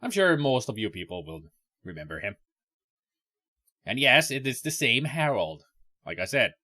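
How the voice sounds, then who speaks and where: A man's voice: mid-range voice, very animated, normal speed, pushed and bright. A man casually commenting on a game he plays, chatting to his viewers and reading the dialogue aloud. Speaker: let's play host.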